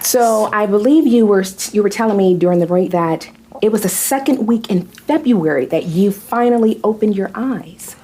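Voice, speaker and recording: A woman's voice: medium pitch, moderate pace, hardly any pauses, mellow. A woman hosting a Christian TV talk show, asking questions and affirming her guests. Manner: encouraging, affirming. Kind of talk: interviewing guests.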